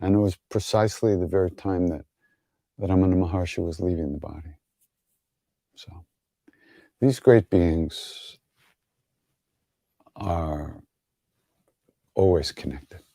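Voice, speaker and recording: A man's voice: low-pitched, takes it slowly, gravelly, pauses often, dark tone, no echo, studio quality. A man hosting an online gathering, answering viewer questions in an easygoing, wry way, telling stories with many fillers and chuckles. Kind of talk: casual online Q&A storytelling.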